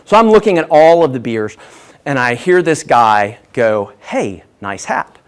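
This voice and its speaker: A man's voice: mid-range voice, moderate pace, smooth. A man giving a humorous business talk as guest speaker, telling self-deprecating stories. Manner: lively self-deprecating storyteller.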